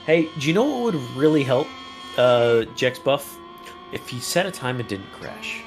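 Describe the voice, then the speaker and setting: A man's voice: mid-range voice, moderate pace. A man co-hosting a live sim-racing stream, teasing his co-hosts in casual banter. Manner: teasing, animated. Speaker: race commentator. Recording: music playing behind.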